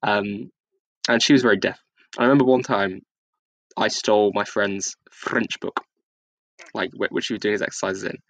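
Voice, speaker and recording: A man's voice: lowish voice, fairly even intonation, moderate pace, vocal fry, pauses often, fairly bright tone, dry recording, low-quality recording. A man co-hosting a podcast, telling rambling school anecdotes with frequent giggles. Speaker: podcast co-host. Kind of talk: casual chat.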